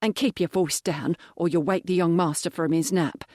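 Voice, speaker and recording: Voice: medium pitch, fairly even intonation, normal speed, dry recording, clean studio sound, close to an everyday voice. A narrator voicing a defiant young maid who answers sharply in an audiobook. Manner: sharp, indignant.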